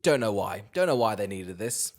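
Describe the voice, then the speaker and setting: A man's voice: on the low side, expressive, normal speed. A man co-hosting a podcast in casual chat, sarcastic, swearing and acting out quotes. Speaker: podcast co-host.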